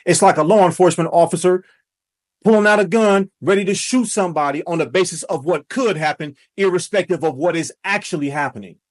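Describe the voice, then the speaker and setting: Guy with a high voice doing a fired-up commentary, preachy, gets shouty. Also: a little fast. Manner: preachy, emphatic, rising to shouts. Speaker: commentary host. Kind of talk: impassioned reaction commentary.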